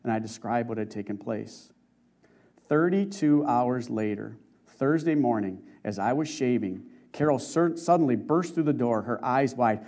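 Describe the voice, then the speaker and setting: A man preaching a sermon, reading a testimony aloud in an earnest, emotive way with slow dramatic stresses. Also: mid-range voice, animated, darkish tone. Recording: muffled lo-fi recording.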